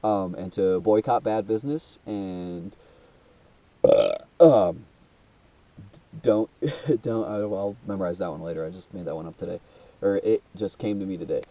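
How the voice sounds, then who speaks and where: A young man hosting his own videos talks to camera in a low-pitched, warm voice at a moderate pace, pausing often, recorded from a distance. The monologue is rambling and emotional, with swearing, repeated "dude," and many restarts and fillers. He sounds congested, with a blocked nose and trouble breathing.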